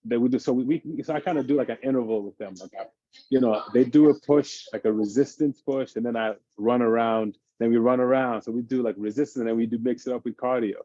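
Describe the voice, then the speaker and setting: A man, a fitness expert on a parenting panel, explaining exercise routines in an animated, casual way. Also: medium pitch, fast talker, no echo, muffled recording. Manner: animated, explains by acting out his kids' games.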